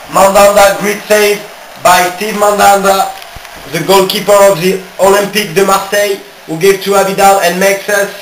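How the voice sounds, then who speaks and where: A man giving amateur play-by-play commentary on a football match in halting non-native English. He breaks in with frequent exclamations. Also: sits high, fairly bright tone, roomy sound, a little hiss or hum, poor audio.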